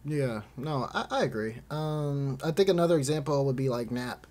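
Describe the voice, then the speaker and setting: A man's voice: mid-range voice, moderate pace, darkish tone. Man, casual podcast host, rambling, full of ums and likes, easy laughter. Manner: rambling, many fillers, laughs often. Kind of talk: casual chat about esports.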